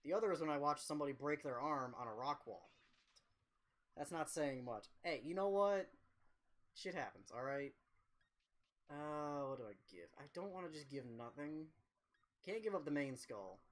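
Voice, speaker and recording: A man's voice: on the high side, animated, moderate pace, pauses often, fairly bright tone. A young man streaming a game, telling a rambling, profane, self-mocking story in casual chat.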